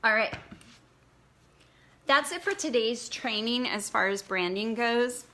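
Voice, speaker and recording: A woman's voice: on the high side, slow pace, pushed and bright. A woman blogging coach giving a casual, encouraging live training, chatty and full of fillers.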